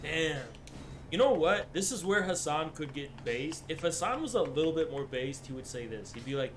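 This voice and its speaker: A man's voice: on the high side, expressive, normal speed, a little hiss or hum. A man streaming live, talking casually and ranting in a heated, profane way.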